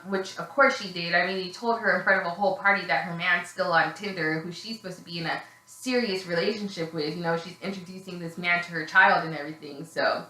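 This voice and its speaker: Woman, casual vlog reviewer; sarcastic, profane, sharp bright tone; roomy echo, slightly off-mic. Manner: blunt, sarcastic, swearing freely; acts out quoted voices in a high, shrill tone. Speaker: reality TV reviewer.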